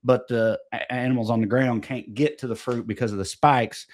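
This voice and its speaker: A man's voice: medium pitch, steady tone, normal speed. A man co-hosting a comedy podcast, explaining things in a rambling, profane, casual way. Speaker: podcast co-host.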